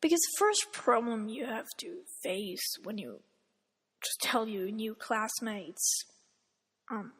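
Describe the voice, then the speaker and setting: A woman, a German speaker, rants to camera in a high voice and at an unhurried pace. She sounds exasperated and incredulous. The sound carries a long reverb tail. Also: expressive, breathy edge. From Austria. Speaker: vlogger. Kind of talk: casual ranting vlog.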